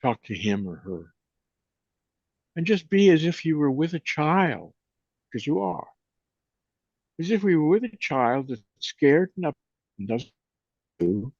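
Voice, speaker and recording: A man in his eighties, co-hosting a reflective chat on consciousness and guiding a meditation, unhurried and gentle, often trailing off softly. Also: a little high, no room sound. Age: 80s. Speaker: co-host, meditation and consciousness teacher. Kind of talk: reflective conversation and guided meditation. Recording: dull lo-fi sound.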